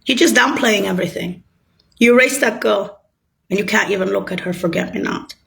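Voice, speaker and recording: A woman's voice: mid-range voice, a little fast, creaky, a bit bright. A woman in a rambling, profane, sarcastic monologue, agitated and mocking. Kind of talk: ranting monologue to camera.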